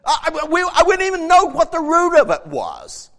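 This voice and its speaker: A man preaching a sermon, emphatic, dropping to a hush and then rising to near shouts. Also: extremely high pitch, huge pitch swings, moderate pace, few pauses, big-room sound. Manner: emphatic, swings from hushed to shouting.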